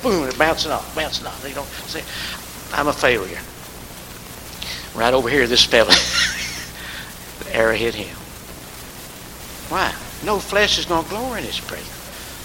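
A man's voice: a little high, normal speed, sharp tone. A man preaching a sermon, rising to emphatic call-and-response and calling on congregation members by name. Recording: hissy recording in a reverberant hall.

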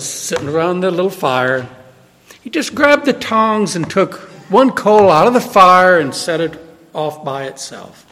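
A man preaching a sermon in an emphatic way, swinging from loud declarations to hushed storytelling. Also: on the high side. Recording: long reverb of a hall.

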